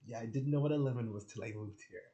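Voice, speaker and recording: A man's voice: mid-range voice, quick pace, dark tone, highs cut off. A young man from Jamaica with a Jamaican accent, rambling casually and laughing as he jumps between topics. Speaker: spiritual channel host.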